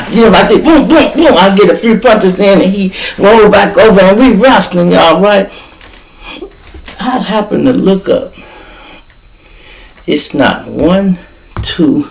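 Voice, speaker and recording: An older man from Chicago hosting a podcast, telling a story in a casual, animated way, full of profanity and spoken sound effects. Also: high-pitched, gravelly, slight background noise, low-quality recording. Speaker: podcast host.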